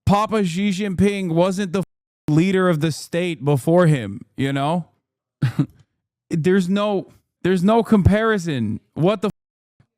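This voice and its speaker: A man hosting a stream, reacting to a video in rapid, argumentative, exasperated casual commentary. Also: high-pitched, expressive, a little mellow, no room sound, studio quality. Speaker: streamer host.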